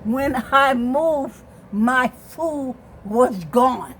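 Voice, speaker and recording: An older woman with a high voice talks slowly into a phone held in her hand, out of breath and insistent as she walks through her small kitchen. A faint room hum sits behind her. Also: fairly bright tone, rough recording. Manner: insistent, keeps saying okay. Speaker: vlogger. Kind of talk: home video walkthrough. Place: small home kitchen, indoors.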